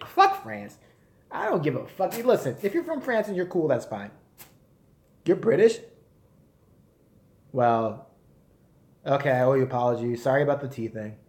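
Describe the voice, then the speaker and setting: Profane American man in his forties, lively swinging delivery, echoey room, casual live-stream host. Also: on the high side, moderate pace, long pauses. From United States. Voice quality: profane, animated, often laughing. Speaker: livestream host.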